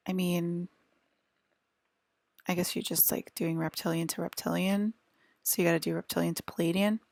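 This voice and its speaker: A woman talks to her camera in a loose, rambling monologue, stopping and restarting her sentences and now and then sinking into a whisper. Her voice sits low and carries a gravelly fry. The recording is close and dry, with no room sound. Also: fairly even intonation, a little mellow, no echo. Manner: halting, many restarts and fillers, drifts into whispers. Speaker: vlogger.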